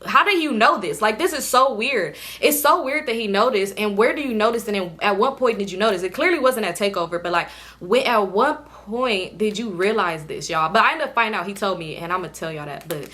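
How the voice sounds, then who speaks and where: A young woman vlogger tells her viewers a casual storytime, animated and full of slang. She speaks briskly in a mid-range voice, indoors at home under a ring light.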